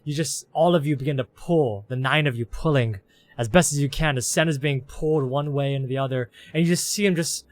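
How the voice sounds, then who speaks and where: A man at an ordinary middle pitch narrates as game master of a tabletop game. He tells the scene in long, breathless run-on sentences, stacking one "as" clause on the next. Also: fairly quick, dry recording. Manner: run-on storytelling, strings clauses with "as".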